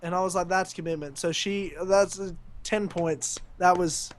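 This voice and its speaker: A young Australian man telling a lively story on a casual podcast, laughing often. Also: sits high, a little slow, slight background noise. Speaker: podcast co-host.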